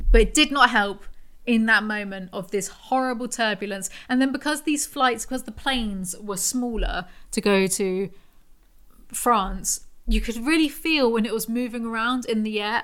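A woman's voice: on the high side, bright, forceful tone. A young woman talking casually in a solo podcast monologue, telling stories in a chatty way and swearing now and then. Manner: chatty storytelling, with swearing and self-interruptions. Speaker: podcast host.

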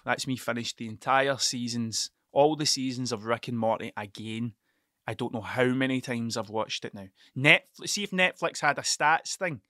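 A male podcast host with a medium-pitched, sharp voice rambles through a casual monologue, cursing freely and stumbling over his words as he tells stories. The studio-quality recording has no room sound.

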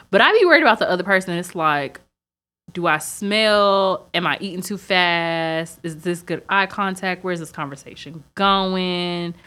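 A young woman co-hosting a casual podcast, telling a dating story and acting out the other voices. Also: fairly low pitch. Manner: animated, acts out quoted dialogue. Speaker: podcast co-host.

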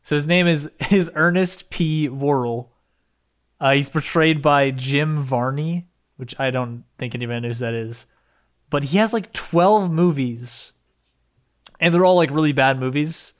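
A young man co-hosting a podcast in casual chat, excitable and rambling, with casual swearing. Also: on the high side, a little slow. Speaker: podcast co-host.

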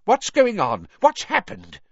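A shrill, flustered male wizard official in a storybook reading, voice jumping high and all over the place as he frets and presses for action, as a male narrator puts him on. The recording is dry and a little dull. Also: sing-song, normal speed, fairly bright tone, no room sound, full character voice. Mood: shocked.

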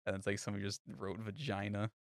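A man's voice: lowish voice, steady tone, fast, no echo. A young man co-hosting a podcast, telling crude, rambling stories full of fillers in casual chat. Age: young adult. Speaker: podcast co-host.

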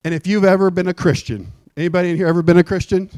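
Animated high-voiced man preaching. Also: rapid-fire, no echo, studio quality. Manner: animated preaching, acts out scenes with shouting and mock voices. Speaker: pastor. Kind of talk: sermon. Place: church sanctuary.

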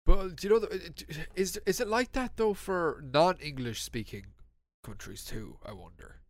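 A man's voice: a little high, lively intonation, normal speed, no echo. Young irish guy rambling on a podcast, dry close mic. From Ireland. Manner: musing, rambling, trails off into questions. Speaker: podcast co-host. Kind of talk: casual chat.

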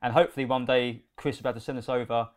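Casting: fast-talking man, mid-pitched, friendly podcast co-host. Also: fairly even intonation. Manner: brisk, friendly, matey. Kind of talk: casual chat.

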